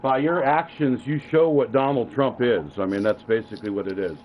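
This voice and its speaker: A man's voice: medium pitch, normal speed, a crowd in the background. Stammering, profane middle-aged father on a tinny phone. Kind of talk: heated family argument. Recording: tinny phone line with faint hiss.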